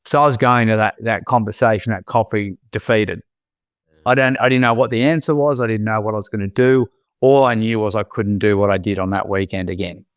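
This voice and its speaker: An Australian man, a podcast guest, telling his personal story in a reflective, halting way with many restarts. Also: fairly low pitch, steady tone, smooth, no room sound, clean studio sound.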